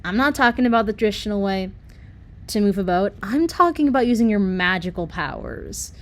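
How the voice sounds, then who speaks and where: A woman's voice: mid-range voice, animated, a little fast, lightly acted. A woman voicing an upbeat, boastful eighteen-ish girl with wind magic, reading an amateur audiobook. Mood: eager.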